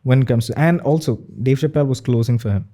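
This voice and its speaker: A man's voice: medium pitch, fast, warm tone. A young man with an Indian accent chatting as a podcast guest, leaning heavily on "you know" and filler. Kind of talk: casual chat.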